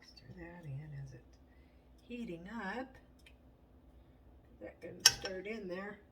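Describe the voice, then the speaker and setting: A woman's voice: fairly low pitch, animated, slow pace. A woman chatting casually while she cooks in her home kitchen, blunt and swearing now and then as she talks to herself. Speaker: home cooking vlogger. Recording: distant mic with audible noise.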